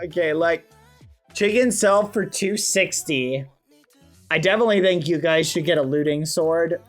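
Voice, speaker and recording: A young man live-streaming a game, chatting playfully with viewers, excitable and self-mocking, with quick yelps. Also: high voice, faint music behind. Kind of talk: casual game livestream chat.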